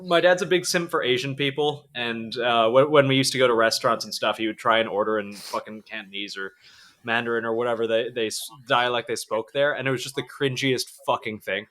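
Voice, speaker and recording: A man's voice: medium pitch, steady tone, brisk, fairly bright tone. A man from Canada, a podcast guest, talking bluntly with crude jokes and frequent swearing. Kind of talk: casual podcast chat.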